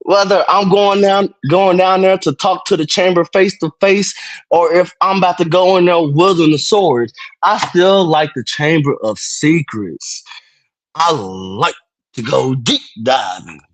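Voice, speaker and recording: A man's voice: sits high, unhurried, no echo. A man hosting a livestream, rambling through crude, joking, teasing chat. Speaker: livestream host.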